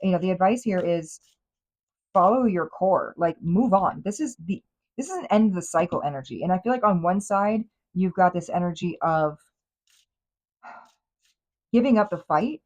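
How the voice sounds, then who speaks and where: A woman's voice: on the low side, expressive, normal speed, long pauses, darkish tone, low-quality recording. A woman hosting a tarot reading, talking in a chatty, emphatic way with many fillers and restarts. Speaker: tarot reader and host.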